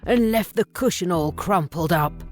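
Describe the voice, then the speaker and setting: A woman voicing a gruff father bear who growls his lines, in a storybook reading. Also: on the low side, measured pace, darkish tone, soft background music. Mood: grumpy.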